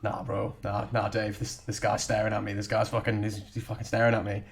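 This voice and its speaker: A man's voice: mid-range voice, steady tone, fast talker, close to an everyday voice. A jittery grown man, all nerves and swearing, sure someone is about to get hurt. A man puts him on while retelling a film scene in a casual chat. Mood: paranoid. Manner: sweary, frantic. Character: jittery angry adult man, hothead.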